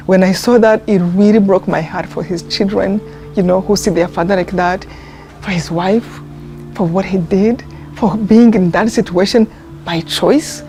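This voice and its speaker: A woman speaks in a mellow, warm voice, telling her story in an earnest, heartfelt way. She pauses and restarts as she searches for words, and soft music plays faintly behind her. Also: mid-range voice. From Rwanda. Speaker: interviewee, genocide survivor. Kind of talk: personal testimony in a documentary interview.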